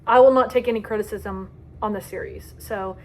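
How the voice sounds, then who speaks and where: A woman's voice: medium pitch, fairly even intonation, brisk. A young woman giving a casual book review vlog, dramatic and gushing about the stories she loves. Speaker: book vlogger.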